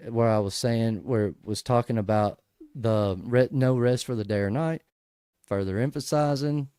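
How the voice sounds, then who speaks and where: Casual man teaching scripture, dark voice. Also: medium pitch, no echo, clean studio sound. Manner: conversational, many restarts, emphatic bursts. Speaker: host of a Bible study show.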